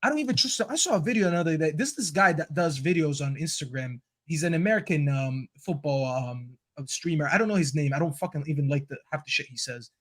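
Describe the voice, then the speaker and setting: A man's voice: a little high, fast talker, hardly any pauses, a bit bright. A man whose first language is Arabic, ranting emphatically and swearing freely in a heated football debate on a podcast panel.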